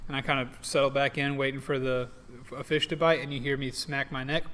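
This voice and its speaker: A man playing a tabletop game in casual talk, playful and quick to laugh. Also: mid-range voice, flat delivery, fairly bright tone. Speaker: player.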